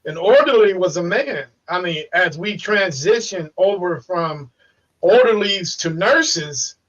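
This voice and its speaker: A man's voice: sits high, animated, measured pace, fairly bright tone. A man who investigates haunted places, talking in casual podcast chat, rambling and swearing with repeated words. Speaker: paranormal investigator and podcast guest. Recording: dull distant call audio.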